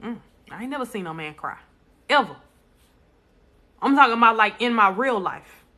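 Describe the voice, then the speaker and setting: A woman's voice: fairly high pitch, lively intonation, moderate pace, bright, forceful tone. A woman speaking bluntly and emphatically to viewers in a casual live stream, repeating lines for stress. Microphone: phone.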